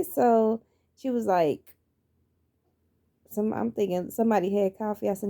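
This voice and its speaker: A woman's voice: medium pitch, slow pace, gravelly, long pauses, warm tone. A middle-aged woman, telling her life story in an earnest, preacherly way and repeating phrases for emphasis. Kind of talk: personal motivational monologue.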